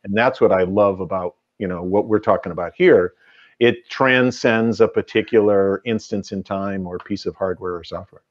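A man's voice: sits low, moderate pace, highs cut off. A man hosting a casual podcast chat, joking and laughing often. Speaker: podcast host.

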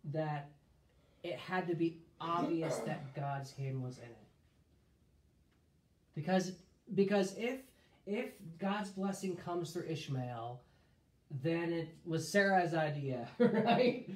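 A man's voice: on the high side, takes it slowly. Man leading a Bible study, roomy echo. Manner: thinks aloud with restarts, reads scripture in a lifted voice. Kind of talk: casual Bible study teaching. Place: room streamed live.

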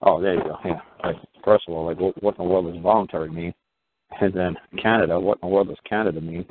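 Over a tinny phone line with no echo, a man with a low, steady voice talks fast on a call-in show. He rambles casually at length, full of fillers and repeated words.

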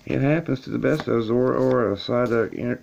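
A man's voice: medium pitch, fast, gravelly, dull audio, noisy background. A man filming himself in a laundry room as he opens trading card packs, talking to his viewers in a casual, chatty way and growing frustrated. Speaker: YouTuber opening card packs. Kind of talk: casual video commentary. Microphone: camera on a table.

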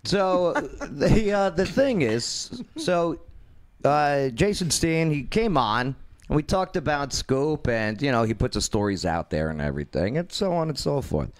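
A man hosting his own talk show, telling a story in a lively, animated way with quoted voices. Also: fairly high pitch, a little slow. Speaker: radio show host.

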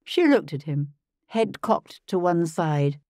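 Low, dark-voiced woman narrating an audiobook. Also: sing-song, slow pace, no echo, clean studio sound. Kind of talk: first-person audiobook narration. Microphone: close studio mic.

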